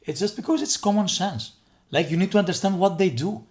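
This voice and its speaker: A man with a high, darkish voice talks sales at a brisk pace. He's a guest head of sales in a casual business conversation, speaking bluntly and emphatically and repeating himself.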